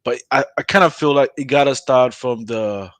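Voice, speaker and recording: A man's voice: medium pitch, normal speed, a bit bright, dry recording. A man in a casual online debate, hesitant and restarting often. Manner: hesitant, many fillers and restarts. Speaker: panel guest.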